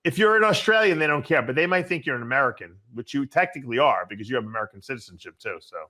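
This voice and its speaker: A man hosting a casual podcast talks at a quick clip in a mid-range voice. He often restarts his sentences, repeating the first words, and keeps the conversation moving. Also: mid-range voice. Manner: fast, animated, repeats words when restarting. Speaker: podcast host. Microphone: video call podcast.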